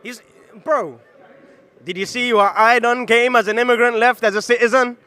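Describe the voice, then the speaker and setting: Bright, high-voiced boxer trash-talking. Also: male voice, fairly even intonation, normal speed, smooth. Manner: mocking, boastful, slangy. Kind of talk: trash talk before a fight.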